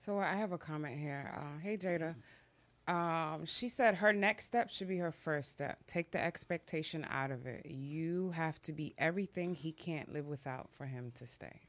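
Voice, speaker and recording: A woman co-host reads viewer comments aloud in a relaxed, joking way. Her voice sits deep for a woman. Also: normal speed. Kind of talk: casual chat.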